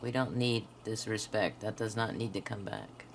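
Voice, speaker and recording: Woman, very low voice, casual craft chat, soft asides, faint background hiss. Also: normal speed. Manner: chatty, talks to viewers while working. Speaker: craft channel host. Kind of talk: casual swatching narration.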